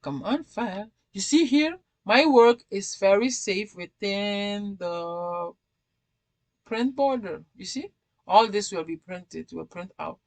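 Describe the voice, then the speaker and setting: A woman hosting a casual craft software tutorial who talks chattily, repeats herself and keeps checking in with the viewer. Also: mid-range voice, lively intonation, slow pace, dry recording.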